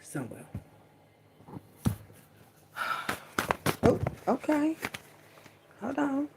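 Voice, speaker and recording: A woman's voice: sits high, very animated, drawn-out words, vocal fry, heavy background noise. A woman vlogger talking straight to her audience in a casual, profane, rambling monologue, stretching words out for emphasis and throwing in frequent asides.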